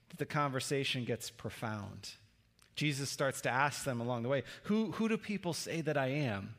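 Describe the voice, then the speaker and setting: A man's voice: on the high side, fairly bright tone, big-room sound. A male pastor giving a sermon in a conversational way, often putting questions to the listeners.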